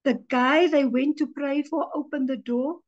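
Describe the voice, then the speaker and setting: Animated woman preaching. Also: high-pitched, moderate pace, muffled recording. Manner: animated storytelling, acts out quoted voices. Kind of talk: teaching sermon with personal stories.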